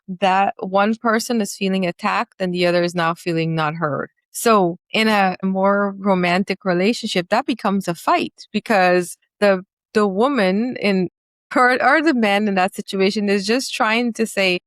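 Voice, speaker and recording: A woman's voice: medium pitch, normal speed, no room sound. A woman hosting a casual conversation, speaking in an earnest, reflective way, often using fillers like "like" and "you know.". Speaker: podcast host and coach.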